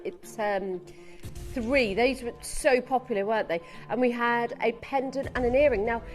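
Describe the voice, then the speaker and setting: A woman presenting on a live TV shopping channel, excitable and gushing as she urges viewers to buy. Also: a little high. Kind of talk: live TV shopping sales patter.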